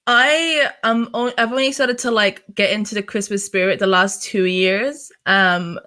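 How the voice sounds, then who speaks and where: A woman's voice: medium pitch, unhurried, bright, forceful tone. A young woman from the UK, a streamer, telling a personal story in casual chat, full of fillers and swearing. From United Kingdom. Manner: chatty storytelling, heavy fillers, swears freely. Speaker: interview guest, streamer.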